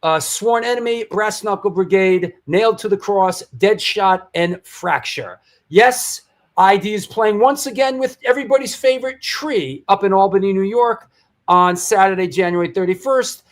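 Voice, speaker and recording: A man's voice: sits high, normal speed. A man hosting a live show, reading sponsor spots and event announcements in a rambling, jokey way that often stumbles over words. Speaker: host.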